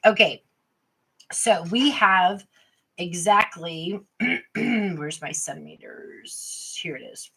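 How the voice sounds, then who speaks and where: A woman runs a relaxed online craft workshop and chats directly with the people watching. She talks slowly, taking her time over each step. Her voice is bright and sharp-edged. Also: lowish voice, husky. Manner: chatty, talks straight to viewers. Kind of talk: casual livestream craft tutorial.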